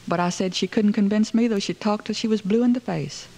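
A woman's voice: mid-range voice, brisk, dark tone, rough recording. A woman narrating a story in the first person, with a wry, aggrieved storytelling manner.

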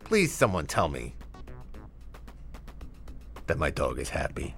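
A man's voice: a bass voice, huge pitch swings, takes it slowly, creaky, a bit bright, husky, soft background music. A man hosting a radio show in a studio, chatting in a playful, meandering way and talking to his dog between songs. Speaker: radio host. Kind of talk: rambling late-night radio chat. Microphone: studio mic set too far off, with echo effect.

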